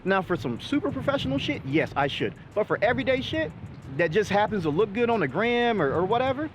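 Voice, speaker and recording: A man's voice: sits high, big pitch swings, quick pace, a little hiss or hum. Blunt, profane man ranting outdoors. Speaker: vlog host. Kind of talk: casual chat.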